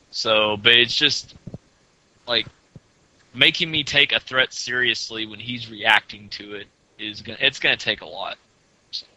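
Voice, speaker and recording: A man's voice: medium pitch, bright, forceful tone, low-quality recording. A man in casual podcast chat, hedging with many fillers while giving his opinion. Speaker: podcast co-host.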